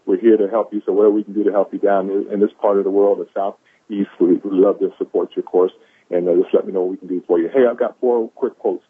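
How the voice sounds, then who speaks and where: A man's voice: low-pitched, level tone, fast talker, slightly rough, no room sound. A man giving an enthusiastic, preachy motivational talk on a conference call, repeating lines for emphasis. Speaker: caller sharing quotes of the day. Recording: tinny phone line.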